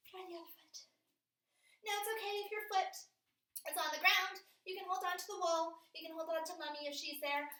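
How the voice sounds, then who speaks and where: A woman's voice: high voice, sharp tone. A woman leading a children's yoga class in a playful, sing-song way, making animal sounds as she goes. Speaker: kids yoga teacher. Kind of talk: guided kids yoga class. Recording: echoey room, voice from a distance.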